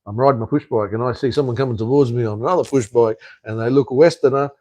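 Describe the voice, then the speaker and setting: A man's voice: medium pitch, fast, a little mellow, no echo. A middle-aged Australian man who hosts a casual live stream and rambles bluntly, swearing freely and often restarting his sentences.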